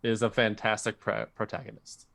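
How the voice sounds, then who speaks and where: A man's voice: lowish voice, monotone, moderate pace, gravelly, a bit bright. A man co-hosting a podcast in casual chat, reading out listeners' picks and telling stories with animation. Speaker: podcast co-host.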